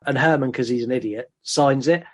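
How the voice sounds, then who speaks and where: A man's voice: medium pitch, a little fast. A man hosting a podcast, recapping a film plot in casual chat and laughing often. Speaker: podcast host.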